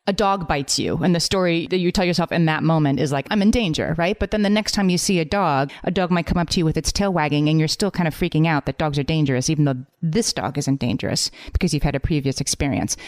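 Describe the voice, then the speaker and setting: A woman co-hosting a podcast, explaining ideas with animated enthusiasm in casual chat. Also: low-pitched. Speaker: podcast co-host.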